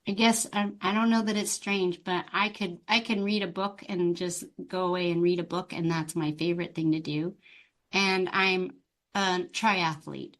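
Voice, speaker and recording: A woman's voice: on the low side, steady tone, normal speed. A middle-aged woman, a life coach, telling her story expressively in an interview. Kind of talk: conversational interview.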